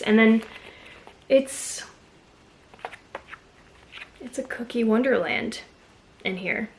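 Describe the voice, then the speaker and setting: Woman, casual vlogger chat, enthusiastic, gushing, mid-pitched voice. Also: a bit bright, a little hiss or hum. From Texas. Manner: chatty and enthusiastic, gushing over finds. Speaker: haul vlogger.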